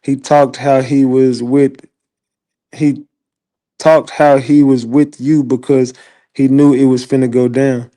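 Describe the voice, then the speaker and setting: A man hosting an online show, giving casual livestream commentary in an animated, profane, laughing storyteller's way. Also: medium pitch, takes it slowly.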